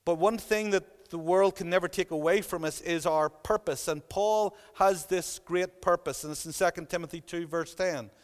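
Speaking at an ordinary pace and barely pausing, this earnest male preacher hammers his message through insistent repetition. His pitch runs high for a man, and every line is followed by a lengthy echo from the church hall.

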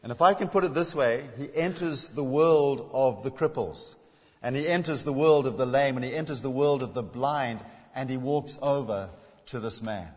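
A man preaching a sermon as a visiting speaker, shifting between emphatic points and hushed, slowed quotations. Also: medium pitch. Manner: dramatic, drops to a hush when quoting. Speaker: guest preacher. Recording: dull sound with long hall reverb.

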